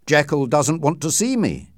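A man voicing a worried, loyal gentleman who speaks earnestly to his friends in a storybook reading. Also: on the high side, very animated, normal speed, no room sound, studio quality, voice pushed up.

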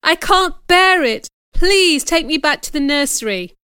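A woman's voice: high-pitched, steady tone, normal speed, a bit bright, clear, resonant tone, no echo, studio quality. A woman voicing an unhappy ten-year-old orphan girl who pleads desperately in a storybook reading.

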